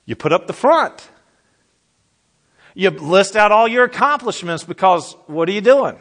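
A middle-aged man preaching a sermon as pastor, animated and repetitive, asking the audience questions. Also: high-pitched, a little slow, pauses often.

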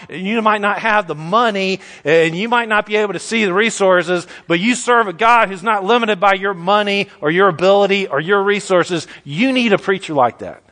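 A man's voice: high voice, bright, forceful tone. A man preaching a sermon, fiery and emphatic, stretching out his stressed words.

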